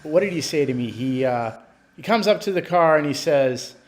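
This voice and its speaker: A man's voice: a little high, lively intonation, normal speed, faint music behind. A man giving an enthusiastic, chatty walkthrough of a car dealership showroom. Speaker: car vlogger. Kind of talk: casual walkthrough narration.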